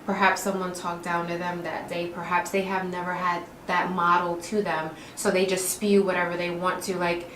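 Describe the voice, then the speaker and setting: A woman's voice: on the low side, normal speed, hardly any pauses, reverberant, slight background noise, rough recording. A middle-aged woman of Puerto Rican and Dominican background, a talkative author guest speaking about faith and forgiveness in an interview. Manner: animated, talkative, preachy. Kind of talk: faith-based interview conversation.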